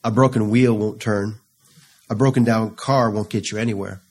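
A man preaches in a low, unhurried voice, reading scripture aloud. He builds into fervent, pleading passages as he quotes the psalms. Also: fairly even intonation, a little mellow. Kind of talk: sermon.

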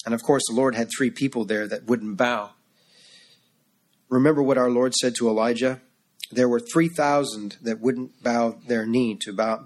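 A man preaching a sermon to his congregation in an earnest, emphatic way, slowing down to stress key words. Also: medium pitch.

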